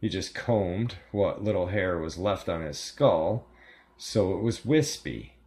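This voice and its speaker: In a low, unhurried voice, a male narrator reads a scripted horror story aloud, keeping his delivery calm and measured.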